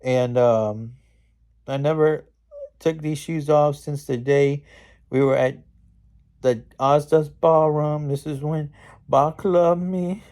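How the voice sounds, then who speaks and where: A man's voice: medium pitch, little pitch movement, drawn-out words, hardly any pauses, mellow, clean tone. A man voicing a whiny, spoiled young witch who sasses and complains about her sister. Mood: wistful. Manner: sassy, complaining, mock-dramatic.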